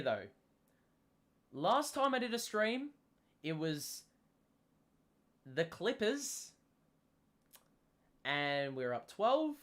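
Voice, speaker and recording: Young man hosting a lively sports watchalong. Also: fairly high pitch. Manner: excitable, gets loud calling big plays; chatty, self-deprecating. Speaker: streamer hosting a basketball watchalong. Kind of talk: live casual commentary, reading chat.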